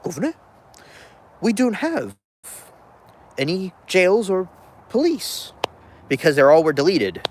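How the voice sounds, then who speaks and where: A man's voice: sing-song, takes it slowly, pauses often, a little mellow, a little hiss or hum, heavily acted. A man putting on a flustered officer. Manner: high, strained, fussy delivery. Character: flustered male officer, fussy, mock-British.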